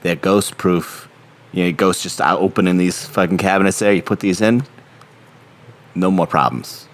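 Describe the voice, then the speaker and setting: A man's voice: deep voice, normal speed, lightly acted. A man putting on an exaggerated mock Boston accent as a crude, spooked local. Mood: salesy. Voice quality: crude, blustery.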